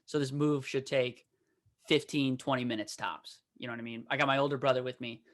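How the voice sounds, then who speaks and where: A young man co-hosting a podcast, telling a story in profane, animated casual chat and shouting out quoted lines. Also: medium pitch, fairly quick. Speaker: podcast co-host.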